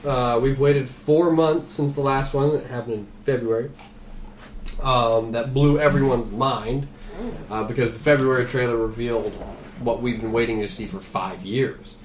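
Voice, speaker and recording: A man in casual podcast chat, talking animatedly with loose swearing and laughs breaking into his sentences. His voice sits at an ordinary pitch and carries a roomy echo, with faint noise behind it. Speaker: podcast co-host.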